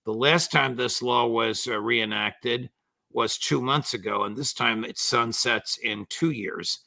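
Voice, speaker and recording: An older man, a former judge, giving measured but indignant political commentary with sarcastic asides. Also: medium pitch, creaky, bright, forceful tone, dry recording.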